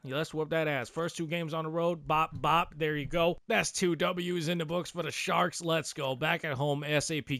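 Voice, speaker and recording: A man giving casual, excitable gameplay commentary, slurring his words after dental surgery and swearing casually as he hypes his team. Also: fairly high pitch, no echo, studio quality. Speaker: gaming video creator.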